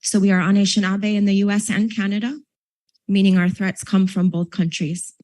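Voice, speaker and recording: A woman's voice: medium pitch, little pitch movement, normal speed, darkish tone, rough recording. A woman from Minnesota speaking earnestly on a panel at a university event, a little choked up. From Minnesota, United States. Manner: earnest, emotional, slightly choked up. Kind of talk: public panel talk.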